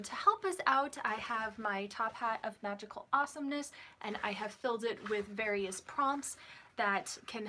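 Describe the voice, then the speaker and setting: A woman hosting a casual live stream about her writing. She talks in a chatty, unscripted way, stopping to read viewer comments aloud. Her voice sits at an ordinary middle pitch. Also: a bit bright. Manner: chatty, many ums and restarts, reads out viewer comments.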